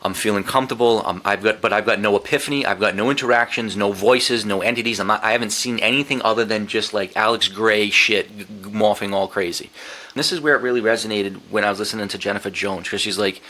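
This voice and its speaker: A man's voice: on the low side, fast, bright, forceful tone. A middle-aged man as a podcast guest, telling a profane, emotional story with many restarts and quoted inner thoughts. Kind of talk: candid storytelling interview.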